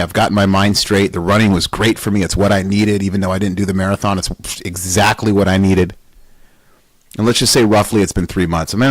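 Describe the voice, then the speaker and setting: A man's voice: lowish voice, dry recording, rough recording. A man hosting a weightlifting podcast in a casual, motivational monologue. He is emphatic and blunt, swears, and fires off rhetorical questions.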